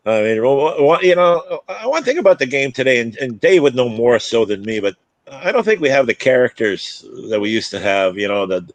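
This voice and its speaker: Older male ex-athlete, chatty storyteller with many restarts, medium pitch, dry recording. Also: very animated, normal speed, no room sound. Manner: rambling, stumbling restarts, acts out quotes. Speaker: former hockey player and broadcaster. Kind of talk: casual storytelling chat.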